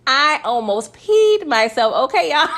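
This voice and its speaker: Recapping a TV episode, this woman keeps it slangy and conversational, laughing between points and frequently adding "okay?" Her voice sits on the high side with a fairly bright tone.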